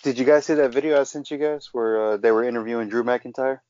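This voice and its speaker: A man's voice: mid-range voice, quick pace, darkish tone, no echo. A man co-hosting a casual podcast, rambling through anecdotes with many fillers. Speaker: podcast co-host. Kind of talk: casual chat, storytelling. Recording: dull lo-fi sound.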